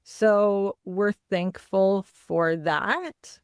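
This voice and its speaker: A woman speaks slowly and candidly about her family, pausing often and filling gaps with small words. Her voice is smooth and clear, and the recording is close and dry. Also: mid-range voice, fairly even intonation, no room sound. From Canada. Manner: candid, halting, many fillers. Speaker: guest, mother. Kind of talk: personal interview storytelling.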